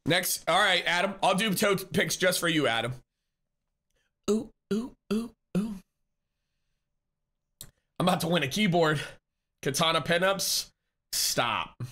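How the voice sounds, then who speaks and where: A man's voice: a little high, animated, normal speed, sharp tone. A man live-streaming, chatting casually with viewers, reading chat, greeting people and laughing often in a teasing way.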